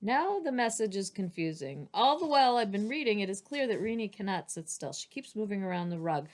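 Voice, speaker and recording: A woman reads a book aloud at home in a steady, mid-pitched voice. She keeps an even reading manner and breaks off now and then for casual asides. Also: brisk. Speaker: reader. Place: home, with dogs nearby.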